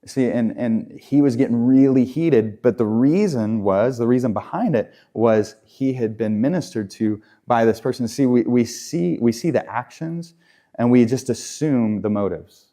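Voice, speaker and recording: A man's voice: mid-range voice, normal speed, warm tone. A man preaching a sermon in a conversational way, often repeating and restarting his phrases. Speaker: pastor.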